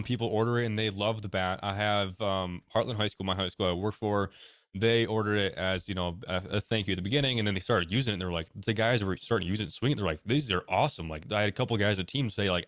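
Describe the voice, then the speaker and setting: Young male guest, low voice, dry close sound, relaxed and plainspoken. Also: fast talker, no room sound. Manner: relaxed, plainspoken, many fillers. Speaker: guest, bat maker. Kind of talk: casual interview answers.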